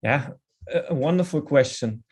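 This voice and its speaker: A man presenting a dental implant lecture in a webinar, then answering questions, measured and often restarting his words. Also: medium pitch, animated, slightly rough. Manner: measured, with frequent restarts and hesitations.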